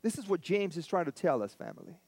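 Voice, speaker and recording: A man's voice: on the high side, big pitch swings, fast, vocal fry, darkish tone, no echo. A man preaching a sermon as pastor, telling stories in a conversational way and repeating lines for emphasis.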